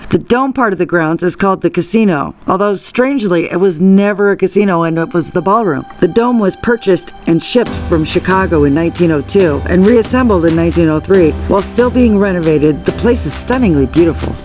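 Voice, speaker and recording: A man's voice: sits high, brisk, hardly any pauses, soft background music. A man narrating a travel vlog in a scripted, informative voice-over. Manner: informative, even storytelling.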